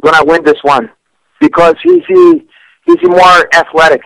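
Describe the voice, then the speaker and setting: A man, chatting on a comedic radio show in broken English, with lots of stammered restarts and sudden jumps in pitch. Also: huge pitch swings, normal speed, creaky, a bit bright, no room sound, rough recording. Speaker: fight picks guest. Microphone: studio radio mic.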